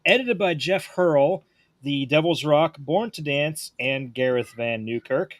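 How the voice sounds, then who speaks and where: A man's voice: on the high side, lively intonation, unhurried, no room sound. A man co-hosting a horror movie podcast, laid-back, with the hiccups, reading out film credits. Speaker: podcast co-host. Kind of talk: casual podcast chat and reading show notes.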